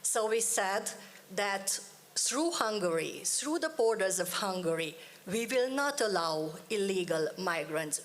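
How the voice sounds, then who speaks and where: Female panelist, very slow and deliberate, emphatic delivery. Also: medium pitch, a bit bright. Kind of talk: conference panel speech.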